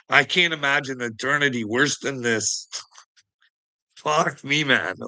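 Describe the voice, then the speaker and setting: Bright-voiced man, sarcastic ranting streamer. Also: medium pitch. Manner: sarcastic, mocking, swears a lot, laughs often. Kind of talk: profane livestream rant to chat.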